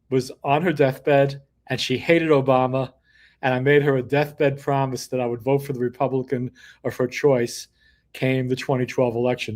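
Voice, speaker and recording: A man's voice: medium pitch, darkish tone. An older man from New York hosts his own show in a casual monologue, telling rambling stories with wry asides.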